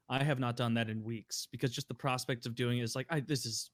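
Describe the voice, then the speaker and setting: A man co-hosting a podcast who tells stories in a dry, low-key way. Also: steady tone, quick pace, hardly any pauses, no echo. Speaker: podcast co-host. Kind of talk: casual chat.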